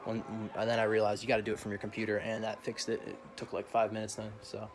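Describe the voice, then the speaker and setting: A man's voice: on the low side, monotone, fast talker, a little hiss or hum. A young man vlogging a casual, profane rant full of slang, often laughing as he talks.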